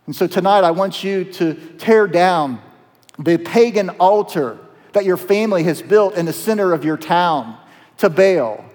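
A man's voice: high voice, expressive, a little slow, a little mellow. A man voicing a solemn divine commander. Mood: commanding. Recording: long hall reverb.

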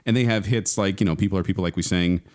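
A man's voice: deep voice, quick pace, darkish tone. A man co-hosting a podcast, chatting casually and laughing often. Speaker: podcast co-host. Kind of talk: casual chat.

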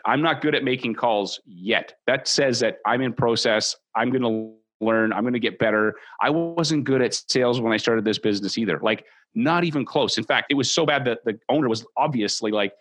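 Fast-talking energetic male podcast host. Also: mid-range voice. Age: 40s. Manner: energetic, acts out quoted thoughts. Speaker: podcast host and mortgage coach. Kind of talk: motivational coaching talk.

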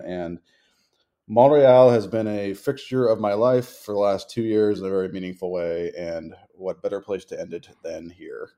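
A man's voice: deep voice, warm tone. A man co-hosting a podcast in casual chat from a hotel room, speaking in a wordy, articulate way over a remote call. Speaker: podcast co-host. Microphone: remote call recording.

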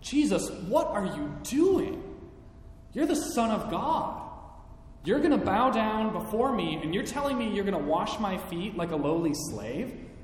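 A man's voice: very animated, measured pace. A man voicing the disciple Peter, shocked and indignant, protesting in a raised voice. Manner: exasperated, protesting. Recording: echoey hall, faint rumble.

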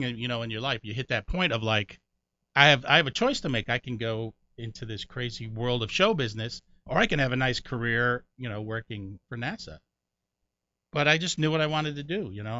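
A middle-aged man from Connecticut, a comedian guest in an interview, telling animated stories and jumping high when he acts out other people. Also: no echo. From Connecticut, USA. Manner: animated storyteller, jumps high doing other people's voices. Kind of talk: storytelling interview. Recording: dry, muffled sound.

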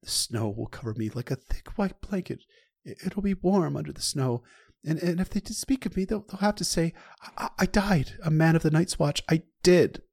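A man voicing a frightened, heavyset young soldier with a hushed, husky, pleading voice. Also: on the high side, normal speed, voice pushed up. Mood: despairing.

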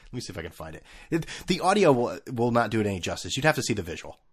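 A middle-aged man hosting a casual sports rant, animated and laughing, often mimicking people in funny voices. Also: mid-range voice, rapid-fire, slightly rough.

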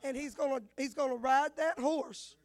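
Woman pastor in her fifties, high bright voice, lively sermon storyteller. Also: normal speed. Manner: animated storyteller, acts out dialogue. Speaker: women's pastor.

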